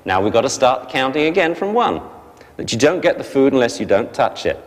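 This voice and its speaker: A man teaching a dog training class, explaining briskly and barking short sharp commands at the dogs. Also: medium pitch, big pitch swings. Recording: long hall reverb.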